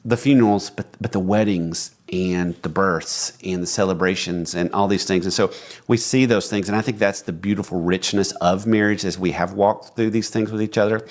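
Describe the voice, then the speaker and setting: A man with a lowish voice talks in relaxed podcast conversation. He reflects openly and tells stories, slipping into the voices of the people he quotes. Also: normal speed. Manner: reflective storyteller who acts out quotes. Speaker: podcast co-host.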